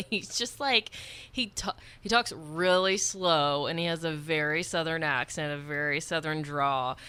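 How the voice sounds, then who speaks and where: A woman's voice: sits low, unhurried, bright, forceful tone, clear, resonant tone. A woman from Georgia co-hosting a radio station's chat show, who talks in a giggly, playful way. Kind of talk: casual studio chat.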